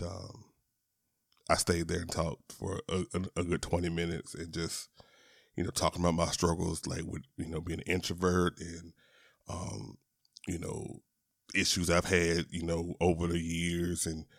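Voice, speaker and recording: A man's voice: low-pitched, monotone, measured pace, gravelly, fairly bright tone, no echo, clean studio sound. A man hosting a podcast, telling a personal story in a chatty way, restarting his words and talking to listeners as y'all. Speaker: podcast host. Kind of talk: casual storytelling monologue. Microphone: podcast microphone.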